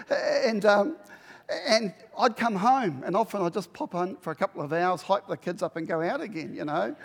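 Man, sermon, lively storytelling, long reverb from a big room. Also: sits high, normal speed, gravelly. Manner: animated storytelling, acts out dialogue. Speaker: pastor.

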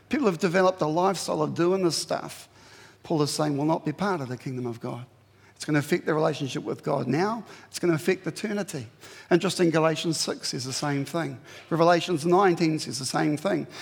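A man preaches with a fairly high, gravelly voice that has a husky edge. He is earnest and pleading, and his pitch leaps up when he drives a point home. His words ring through a long hall reverb. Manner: earnest, pleading, rises sharply in pitch for emphasis. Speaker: pastor. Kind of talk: sermon.

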